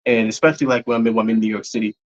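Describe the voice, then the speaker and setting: A man's voice: lowish voice, steady tone, very fast. Rambling man with constant fillers. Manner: rambling, full of "you know" fillers. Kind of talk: casual podcast chat. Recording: dull lo-fi podcast audio.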